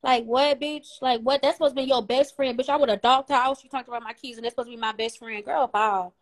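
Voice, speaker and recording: High voiced woman on a live stream, brash and cussing, brushing people off. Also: fairly even intonation, quick pace. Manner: brash, profane, dismissive. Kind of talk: casual live stream chat.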